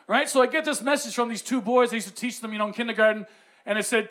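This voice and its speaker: A man from Newfoundland, Canada, doing a stand-up comedy set, telling animated stories and swearing freely. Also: extremely high pitch, rapid-fire. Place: comedy club stage with audience.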